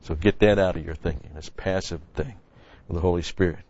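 A man's voice: low voice, steady tone, fairly quick, a little mellow. Folksy male preacher, dull dry sound. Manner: conversational, folksy asides, repeats key phrases. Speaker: pastor. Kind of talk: sermon teaching.

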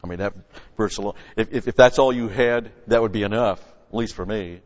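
A man teaching through Bible verses as a pastor, punching key words loudly and then dropping into quick, quieter asides. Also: lowish voice. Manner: emphatic, swells loud on scripture then drops to asides. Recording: lo-fi recording with long hall reverb.

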